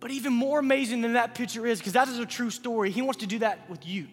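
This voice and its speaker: A man preaching a youth sermon, moving between quiet pleading and loud calls. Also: very high-pitched, fast, slightly rough, long reverb tail, soft background music. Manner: builds from hushed pleading to loud shouting. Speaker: youth pastor.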